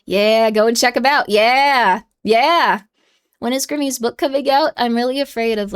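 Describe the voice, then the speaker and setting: A woman's voice: a little high, normal speed, smooth. A young adult woman streaming live, chatting casually and bubbly, playfully scolding and dropping into whispers.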